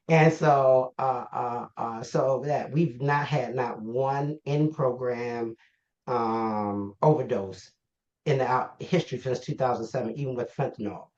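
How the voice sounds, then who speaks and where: A man's voice: mid-range voice, measured pace. A man being interviewed as the founder of a health organization, telling stories and acting out the voices of the people in them. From Baltimore, US. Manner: animated storyteller, acts out quoted exchanges. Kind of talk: conversational interview. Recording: roomy, dull lo-fi sound.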